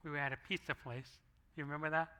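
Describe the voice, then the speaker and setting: A middle-aged man preaching to a church congregation in a very bright, high-set voice. His sermon is relaxed and conversational, broken up by acted asides, and picked up on a handheld microphone. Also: quick pace. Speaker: pastor. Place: church sanctuary.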